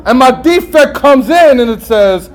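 A man's voice: very high-pitched, unhurried, low-quality recording. A man giving a personal share at a recovery meeting, streetwise and profane, telling his story with lots of "right?" and acting out the voices in his head. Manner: animated storytelling that acts out inner voices. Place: meeting room with listeners.

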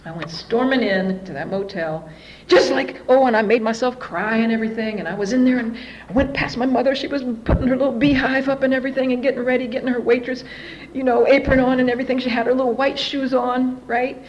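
A woman telling her own story at a recovery meeting, candid and animated. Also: a little high, fast talker, muffled recording, slight background noise. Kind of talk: personal recovery testimony.

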